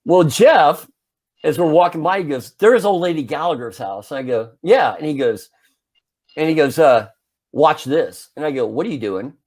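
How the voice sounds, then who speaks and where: This co-host, a man in his forties, has a fairly high voice and a moderate pace. He tells a casual story on the podcast, acting out its parts and re-enacting his own yelling.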